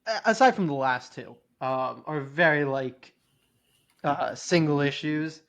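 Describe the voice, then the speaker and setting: A man's voice: fairly high pitch, unhurried, a bit bright. A man co-hosting a podcast in casual chat, loose and hedging, with lots of fillers. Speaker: podcast co-host.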